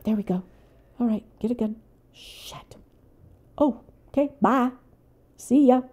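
An older woman narrates her own gameplay in an easy, unhurried way, her voice soft and mellow. She mutters and whispers to herself when things get tense, then bursts out loudly when surprised. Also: a little high. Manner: talks to herself, swings from hushed whispers to loud outbursts. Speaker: gaming channel host. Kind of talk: casual let's-play commentary.

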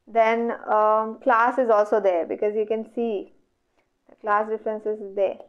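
Her voice sits at a medium pitch, with flat delivery and a measured pace. This woman, who has an Indian English accent, is teaching online exam revision, going through questions step by step and answering her own questions. The recording sounds dull and lo-fi.

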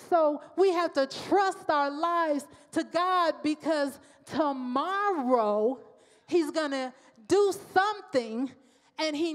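Woman preacher, high voice, slow deliberate delivery, conversational sermon, echoing church hall. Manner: personal, conversational preaching with slow emphatic repetition. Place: church sanctuary. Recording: long hall reverb.

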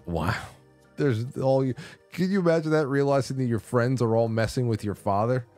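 A man's voice: medium pitch, lively intonation, normal speed, darkish tone, soft background music. A man hosting a call-in radio show, chatting casually, reading out phone numbers and reacting to callers. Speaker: radio talk show host. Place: radio studio.

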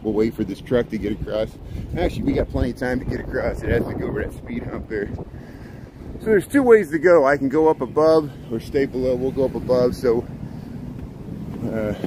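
A man live-streaming a city walk, chatting casually to viewers and greeting them by name, a little out of breath from walking and talking. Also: mid-range voice. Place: outdoors on city streets and park paths. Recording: wind noise on the mic outdoors. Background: traffic and wind.

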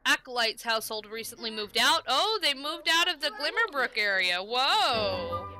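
A woman's voice: sits high, expressive, a little fast, music in the background. A woman streaming a life-sim game, chatting casually and coaxing the characters on screen. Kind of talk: casual gameplay commentary.

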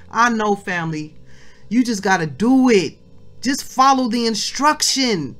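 A woman's voice: a little high, animated, unhurried. A woman leading a weekly devotional in an impassioned preaching style, repeating phrases and calling her listeners family. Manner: repeats phrases, swings from hushed prayer to loud exhortation; informal, addresses listeners as family. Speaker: ministry leader giving a devotional.

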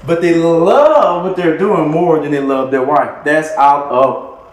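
A man's voice: a little high, slow pace. Emphatic preaching man, echoey room. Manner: emphatic preaching, repeating key phrases; chuckles between points. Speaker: minister. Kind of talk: sermon.

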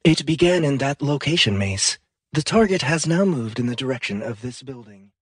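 A man voicing a monotone AI system. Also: medium pitch, normal speed, breathy edge, dry recording, clean studio sound. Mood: flat reporting. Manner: monotone, flat reporting. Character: monotone male AI computer system. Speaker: audiobook narrator. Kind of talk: audiobook excerpt.

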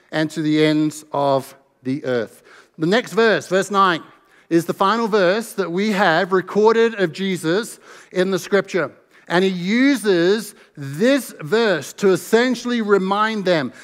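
A man's voice: high voice, big-room sound. An American man, a pastor, preaching an earnest sermon and reading scripture aloud with emphasis. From United States. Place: church sanctuary.

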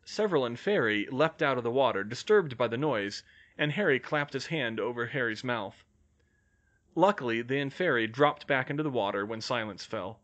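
A man reading fan fiction aloud as an audiobook, with measured storytelling. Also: mid-range voice, lively intonation, fairly bright tone, muffled recording. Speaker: audiobook reader.

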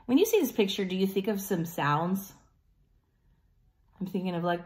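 A woman teacher reading a picture book aloud to children in an animated way, pausing to ask them questions. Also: mid-range voice. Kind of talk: children's story time.

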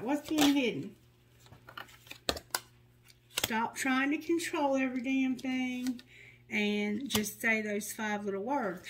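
A woman's voice: high-pitched, a bit bright, a little hiss or hum, low-quality recording. A woman giving a tarot reading, reading card messages aloud in a soothing, guiding way, with candid, joking asides. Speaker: tarot reader.

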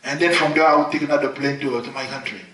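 A male pastor preaching at a healing crusade, swinging between loud, high exclamations and soft, low murmurs. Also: fairly even intonation, quick pace. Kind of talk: sermon. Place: large hall at a healing crusade. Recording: echoey hall, mic at a distance.

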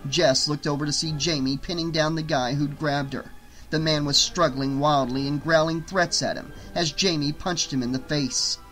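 A man narrating an audiobook in a steady, dramatic storytelling manner. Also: on the high side, normal speed, faint music behind, rough recording.

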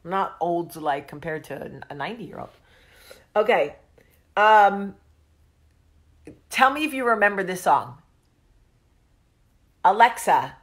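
A woman's voice: mid-range voice, expressive, takes it slowly, long pauses. A woman, chatting casually and profanely as a vlog host. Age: 40s. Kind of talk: casual chat.

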